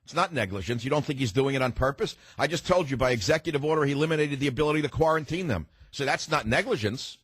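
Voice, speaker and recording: A man's voice: medium pitch, expressive, fast talker, few pauses, husky, no echo. Combative male talk radio host, dry sound. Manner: combative and emphatic, cuts off callers. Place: radio studio.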